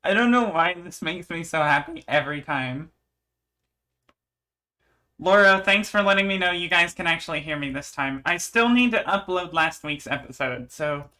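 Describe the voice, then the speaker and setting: A man's voice: fairly high pitch, expressive, normal speed, bright, forceful tone. A man hosting a tabletop game stream, chatting casually with playful, laughing banter. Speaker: show host and player. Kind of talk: casual chat.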